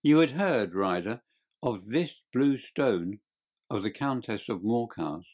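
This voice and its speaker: A stern storybook detective with a deep, measured voice, as a male narrator puts him on. He speaks with cold, commanding authority. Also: animated, darkish tone. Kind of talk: audiobook character voice.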